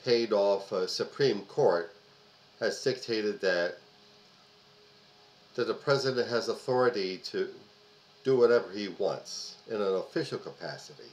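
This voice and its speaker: A man's voice: on the low side, unhurried, long pauses, low-quality recording. Emphatic man delivering a political monologue. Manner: emphatic, repeats phrases for stress, frequent fillers. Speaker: host of a political commentary video. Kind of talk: opinion monologue to camera.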